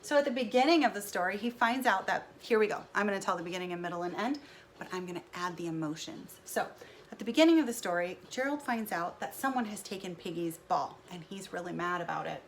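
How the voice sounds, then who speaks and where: A woman's voice: mid-range voice, lively intonation, fast talker, slight background noise. A woman teaching first graders, narrating cheerfully as she draws. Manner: cheerful, narrating while drawing. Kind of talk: recorded lesson with drawing.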